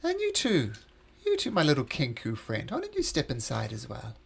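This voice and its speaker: A man's voice: medium pitch, huge pitch swings, normal speed, creaky, slightly rough, heavily acted. A man voicing a sly unseen creature that coaxes visitors inside with a wheedling manner. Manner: wheedling, coaxing.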